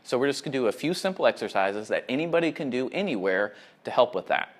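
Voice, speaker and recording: A man, a fitness instructor, calmly talking viewers through gentle ankle exercises. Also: mid-range voice, fast talker. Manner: calm, easygoing instructions. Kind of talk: exercise demonstration.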